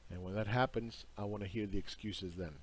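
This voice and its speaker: A man's voice: on the low side, steady tone, a little fast, breathy edge. A man lecturing on market charts in an emphatic, insistent and scornful way. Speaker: market commentary host.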